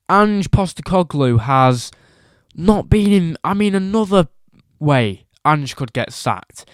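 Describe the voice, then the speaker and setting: A man's voice: on the high side, expressive, takes it slowly, dry recording, studio quality. A man giving a casual football opinion rant as a vlogger, emphatic and repetitive, firing off rhetorical questions.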